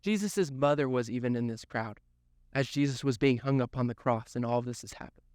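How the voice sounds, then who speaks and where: A man's voice: medium pitch, fairly quick, a little mellow, no echo, clean studio sound. Earnest man preaching to young teens. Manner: earnest storytelling with repetition. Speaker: youth pastor. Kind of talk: sermon.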